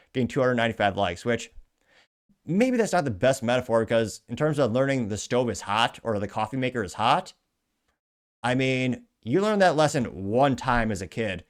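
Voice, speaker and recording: A man's voice: medium pitch, expressive, normal speed. A man hosting a commentary show, reading out social media comments with dry, sarcastic jokes and self-deprecating asides. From Cuban heritage. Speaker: show host.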